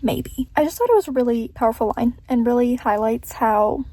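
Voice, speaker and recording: A high-voiced young woman talks through her reading in a loose, rambling vlog chat. Her tone is mellow rather than bright, and she drifts between earnest thoughts and quick laughs. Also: animated, no echo. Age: young adult. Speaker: book vlogger.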